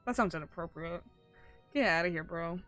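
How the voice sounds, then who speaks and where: A woman's voice: lowish voice, normal speed, a bit bright, soft background music. A woman streaming a game live, chatting casually with joking, profane, blurted reactions. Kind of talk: casual live gameplay chat.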